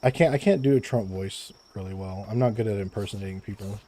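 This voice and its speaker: A young man games on a live stream and chats fast in a fairly low, dark-toned voice. Recorded close on a desk microphone, he stammers, repeats words and laughs frequently.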